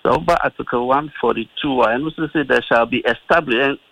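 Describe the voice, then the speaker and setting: A man with a Ghanaian accent, a lawyer on a radio talk show, explaining deliberately with hesitations and mixing Twi into English. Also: medium pitch, vocal fry, fairly bright tone, dry recording, low-quality recording. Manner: deliberate, reads constitutional clauses, mixes Twi and English, many hesitations.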